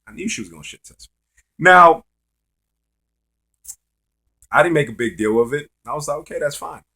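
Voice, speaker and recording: Dating vlogger, male: brash and bright, swears freely, rambling anecdote style. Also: fairly high pitch, expressive, normal speed. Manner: profane, loose, repetitive. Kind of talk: casual storytelling monologue.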